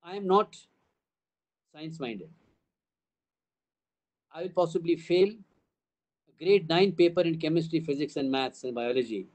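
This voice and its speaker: Older Indian English man, high voice, speaking emphatically to parents at a town hall, stacking points in repeated phrases. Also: a little slow, pauses often, darkish tone, lo-fi sound. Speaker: school trust CEO addressing parents.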